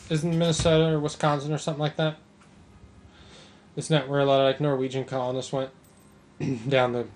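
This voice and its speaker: A man's voice: mid-range voice, a little mellow, a little hiss or hum. A man casually commenting on a strategy game as he plays, thinking aloud with mild sarcasm. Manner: musing aloud, mildly sarcastic. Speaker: gameplay commentator.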